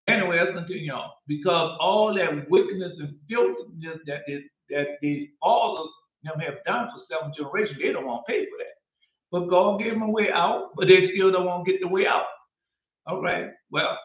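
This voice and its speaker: Fiery preacher on a tinny, echoey line. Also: male voice, high voice, moderate pace. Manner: preachy, mocking, rising to shouts. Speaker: street preacher. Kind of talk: scripture reading with commentary. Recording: echoey lo-fi phone-like audio.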